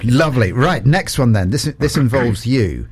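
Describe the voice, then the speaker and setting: A man hosting a local radio interview, reading out listener questions and asking quick, chatty follow-ups. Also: medium pitch, expressive, darkish tone, slight background noise.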